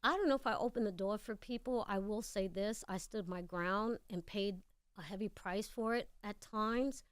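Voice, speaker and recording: A woman's voice: mid-range voice, normal speed, clean tone, no echo. A woman with a noticeable accent, a guest actress telling stories frankly and animatedly in a casual studio interview.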